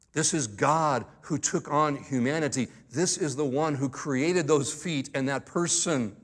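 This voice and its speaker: An earnest pastor preaching at a mid-range pitch, his delivery measured and emphatic. He drags out key words for weight, then eases into light humorous asides before returning to the point. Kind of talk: sermon.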